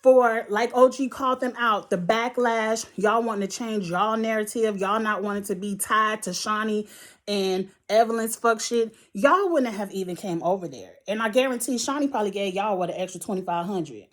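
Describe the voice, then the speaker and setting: A woman's voice: medium pitch, normal speed. A woman reviewing a reality show in a blunt, heated, profane rant. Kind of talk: ranting commentary vlog.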